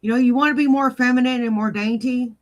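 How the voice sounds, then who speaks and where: A woman's voice: fairly high pitch, steady tone, fast, low-quality recording. An older woman hosting casual commentary, rambling bluntly and poking fun at herself in a folksy way. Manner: blunt, self-mocking, folksy. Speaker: commentary host.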